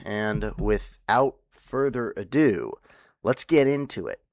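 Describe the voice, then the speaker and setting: Rambling low-voiced male streamer. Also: lively intonation, slow pace, a little mellow, dry recording, clean studio sound. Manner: rambling, with many fillers and restarts. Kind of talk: casual livestream chat.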